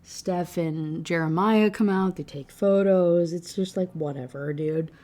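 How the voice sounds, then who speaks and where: A woman rants her way through a book review in a loose, chatty flow, swearing freely and tossing in fillers as she goes. Her voice sits a little low, with a dark, mellow tone. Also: a little slow. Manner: blunt, profane, chatty with frequent fillers. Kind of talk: casual ranting book review.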